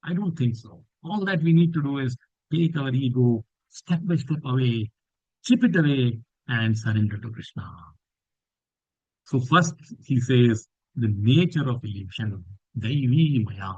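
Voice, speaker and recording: A man teaching a scripture class, telling a story with lively swings in his voice for quoted lines. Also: measured pace, no room sound, dull audio. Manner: animated storytelling that lifts pitch for quoted lines. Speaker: spiritual teacher.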